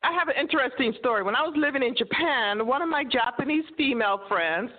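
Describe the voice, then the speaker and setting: Lively high-voiced woman on a tinny line. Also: quick pace. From United States. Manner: animated, laughs often, acts out quoted voices. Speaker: guest, co-host of a cooking show. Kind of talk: casual interview chat.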